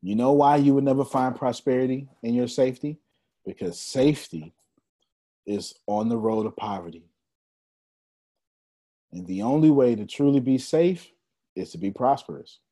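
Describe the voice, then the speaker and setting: A man's voice: mid-range voice, normal speed, long pauses. A man giving a motivational talk, telling a story with laughs and speaking straight to his audience. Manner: animated, laughing storyteller addressing the crowd.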